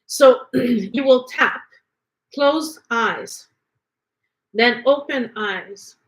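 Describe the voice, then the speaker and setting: A woman with a slightly higher voice walks through an energy-healing technique. Her talk is casual and conversational, full of rhetorical questions as she teaches. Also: very slow, poor audio. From Canada.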